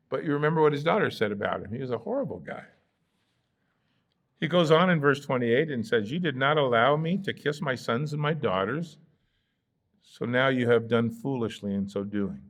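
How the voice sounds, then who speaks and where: A man's voice: mid-range voice, expressive, moderate pace, a bit bright. A man with an American accent, a pastor teaching a Bible study in a conversational way, with fillers and playful asides where he acts out the characters. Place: church sanctuary.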